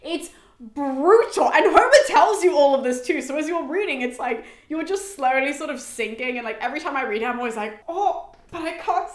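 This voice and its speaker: Chatty woman explaining stuff, kinda high voice, lots of likes, echoey room. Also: fairly quick. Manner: chatty, animated, swears, lots of "like". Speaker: host. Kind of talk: casual explainer.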